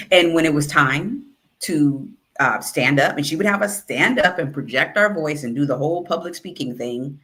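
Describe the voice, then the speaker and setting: A woman who works as a writing consultant and author coach, telling a story in a casual, animated way and acting out the dialogue. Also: low-pitched, normal speed. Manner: animated, acts out quoted dialogue.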